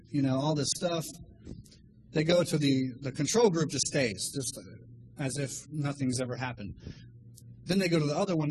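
A man with a high voice delivers a lively sermon, full of animated storytelling. He slips into small put-on voices as he acts out the scenes. Faint room ambience sits behind him. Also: slight background noise, poor audio. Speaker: lay preacher.

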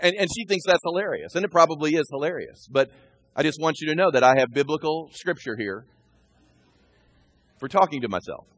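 A male pastor preaching a sermon, shifting between quiet asides and loud, emphatic readings of scripture. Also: fairly high pitch, lively intonation, a little fast, slightly rough.

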